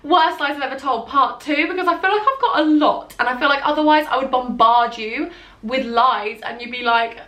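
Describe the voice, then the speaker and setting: Bright, giggly young woman. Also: high voice, moderate pace. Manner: chatty, giggly, acts out voices of others. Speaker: beauty vlogger. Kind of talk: casual storytelling to camera. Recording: echoey room.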